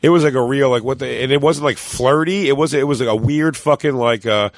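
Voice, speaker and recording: Male podcast co-host, casual storyteller, animated and profane, dry close sound, acts out quotes. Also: medium pitch, a little fast, no room sound. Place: cruise ship.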